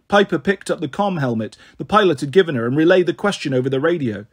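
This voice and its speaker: A man reading a novel aloud in a steady storytelling voice, giving the characters their own voices. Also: on the high side, quick pace, husky. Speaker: audiobook reader.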